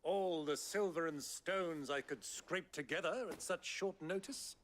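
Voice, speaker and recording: A man's voice: on the high side, a little slow, fairly bright tone. An actor playing a theatrical older nobleman who poses as a villainous buyer, with a grand, hammy stage delivery, in a video game cutscene. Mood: scheming.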